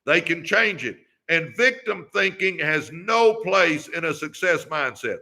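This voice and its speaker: A man's voice: on the high side, animated, unhurried, pushed and bright. An older man hosting a motivational talk, fired up and preachy, repeating catchphrases and urging listeners on. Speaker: podcast host. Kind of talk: motivational live-stream talk.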